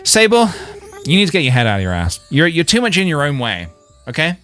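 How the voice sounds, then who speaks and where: A man's voice: a little high, wildly swooping pitch, a little fast, over music. A man streaming a video game, chatting playfully and joking with his viewers. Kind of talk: casual gaming livestream chat.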